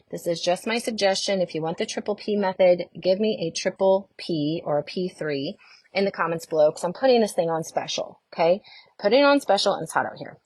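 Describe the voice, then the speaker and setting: Chatty middle-aged female coach, lower register, animated live-stream delivery, dry close-miked sound. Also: no echo. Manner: chatty and animated, greets viewers by name. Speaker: network marketing coach.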